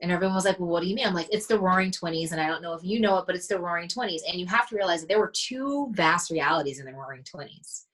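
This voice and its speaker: A woman's voice: fairly low pitch, very fast, hardly any pauses, a bit bright, poor audio. A woman mindset coach, a podcast guest, telling stories animatedly and acting out the dialogue she quotes. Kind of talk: casual podcast conversation.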